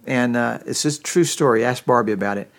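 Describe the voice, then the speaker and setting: A man's voice: medium pitch, fast talker. A middle-aged man preaching a sermon, telling stories in a folksy way with frequent restarts. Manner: folksy storytelling with many restarts. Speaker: pastor.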